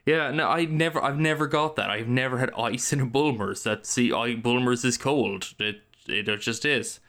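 A man's voice: medium pitch, moderate pace, fairly bright tone. A man co-hosting a podcast in casual chat, telling stories and laughing. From Ireland. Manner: storytelling, laughing. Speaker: podcast co-host.

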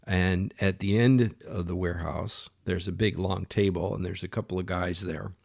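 A man telling a casual anecdote in an animated way, often restarting his phrases. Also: low voice, moderate pace, vocal fry, dry recording, clean studio sound. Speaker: storyteller.

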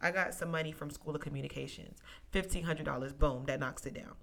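Young woman podcaster, casual storytelling, bright tone, emotional, talks straight to listeners. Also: sits low, a little fast, vocal fry. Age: young adult. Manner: emotional, near tears, testimony-like; animated, addresses listeners as y'all. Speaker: podcast host.

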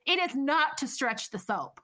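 A woman's voice: high voice, very animated, unhurried, sharp tone. A woman co-hosting a podcast, telling a story in casual chat, blunt and full of profanity. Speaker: podcast co-host.

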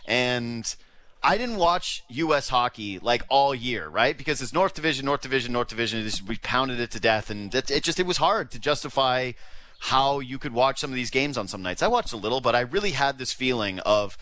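A man in casual sports talk, worked up and ranting, with a bright, forceful edge to his voice. His sentences keep breaking off and restarting as he vents. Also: medium pitch, brisk, dry recording. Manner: ranting, animated, swears, trails off into restarts. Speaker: sports radio co-host.

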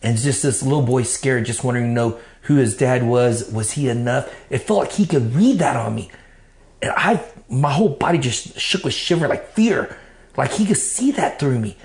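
With a mid-range, expressive and slightly mellow voice at a normal pace, a man in an interview tells his life story in blunt, profane everyday talk. He acts out what he told himself back then; the recording echoes roomily.

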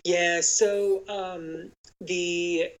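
Earnest storyteller with a gravelly voice. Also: mid-range voice, level tone, very slow, low-quality recording. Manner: earnest, speaks directly to listeners. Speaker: podcast guest speaking on real estate agent safety. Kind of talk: conversational storytelling.

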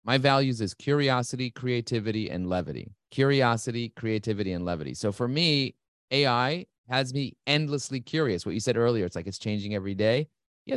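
A middle-aged man talking as an interview guest, fast and enthusiastic, repeating key words for emphasis. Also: mid-range voice, dry recording, clean studio sound. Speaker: guest, marketing agency CEO. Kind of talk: energetic interview talk.

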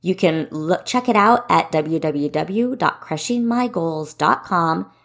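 A woman's voice: on the low side, lively intonation, measured pace, vocal fry. A woman in her forties hosting a solo podcast, giving running tips in a direct, encouraging way. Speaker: podcast host and running coach.

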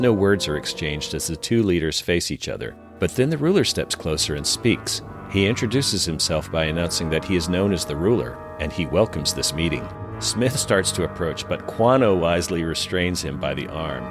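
A man co-hosting a podcast, narrating an episode scene by scene with dramatic, measured storytelling and dry asides. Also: low voice. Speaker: podcast co-host recapping an episode.

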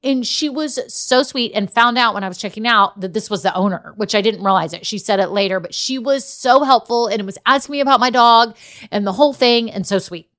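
A woman's voice: on the high side, brisk, fairly bright tone. A middle-aged woman, a business coach telling stories in a casual motivational talk. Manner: chatty storyteller, addresses listeners as y'all.

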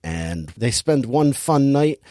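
A man casually recaps a film plot in an animated voice, laughing often and jumping way up in pitch when he mimics the characters. His pitch sits in an ordinary middle range, and the recording is close and dry with no room sound. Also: slow, dry recording. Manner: animated storytelling, acts out characters' lines with big pitch jumps; laughs often while talking. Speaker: podcast co-host recapping a movie. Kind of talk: casual chat.

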